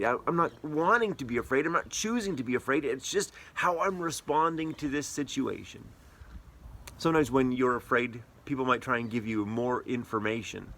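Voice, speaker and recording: A playful, conversational pastor. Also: male voice, medium pitch, normal speed, fairly bright tone, a little hiss or hum. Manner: conversational, playful, asks the listener questions. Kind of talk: sermon.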